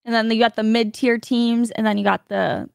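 A woman's voice: a little high, fairly even intonation, moderate pace, creaky, clear, resonant tone, dry recording, clean studio sound. A woman racing driver guest on a live race-watching stream, speaking casually with many fillers. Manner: casual, uses "like" a lot.

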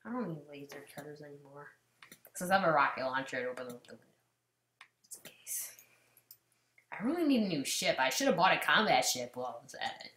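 A woman giving casual gameplay commentary, swinging between loud outbursts and muttered asides. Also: low-pitched, sing-song, fairly quick, long pauses, roomy sound. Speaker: gamer commentator.

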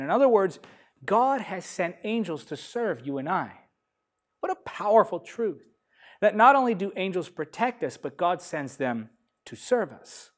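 A man preaching a sermon, reading scripture emphatically and swinging between loud declarations and softer lines. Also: sits high, big pitch swings, normal speed. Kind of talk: sermon teaching.

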